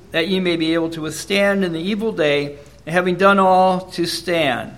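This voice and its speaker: A man preaching a sermon in a measured, earnest way, reading Bible verses aloud between his own points. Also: sits high, fairly bright tone. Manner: measured, earnest, reads verses in King James wording.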